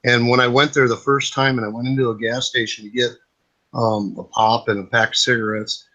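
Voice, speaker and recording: Man, bright forceful voice, jokey storyteller, swears freely. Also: medium pitch, little pitch movement, brisk. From Minnesota. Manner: jokey, swears, laughs at own stories. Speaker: chat participant. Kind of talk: casual storytelling.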